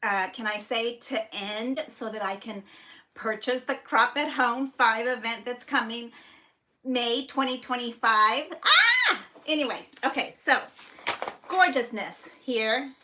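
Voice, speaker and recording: Bubbly high-voiced woman gushing over crafts. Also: measured pace. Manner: bubbly, gushing, squealing with excitement. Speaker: paper crafting channel host. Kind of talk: excited livestream chat. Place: home craft room. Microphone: phone on a stand.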